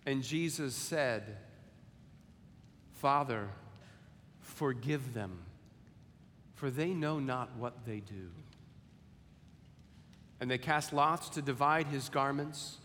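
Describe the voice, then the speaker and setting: A man preaching a sermon and reading scripture, deliberate and measured, lifting his voice for quoted lines and sinking soft on solemn ones. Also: medium pitch, slight background noise. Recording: long hall reverb, faint ambience.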